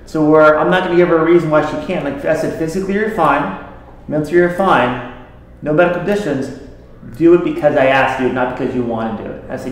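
Guy w a kinda high voice chatting to a group about his patients, storytelling, super echoey room. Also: fast. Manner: conversational, tells patient stories. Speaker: health practitioner treating patients. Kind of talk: casual talk to a group.

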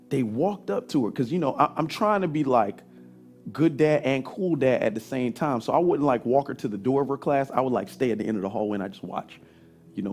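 A middle-aged male pastor, preaching a sermon and telling a story, his husky voice swinging from loud emphasis to soft asides. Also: medium pitch.

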